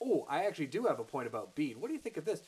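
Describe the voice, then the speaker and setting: A man from Canada co-hosting a casual chat, animated and emphatic, quick to argue a point. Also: fairly high pitch, slightly rough, rough recording. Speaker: podcast co-host.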